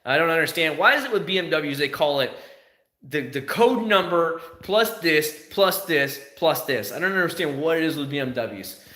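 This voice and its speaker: A man's voice: on the high side, expressive, normal speed, bright, forceful tone, reverberant. A man in his thirties hosting a livestream, chatting casually and answering comments as they come in. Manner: rambling, answers chat comments. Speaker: livestream host.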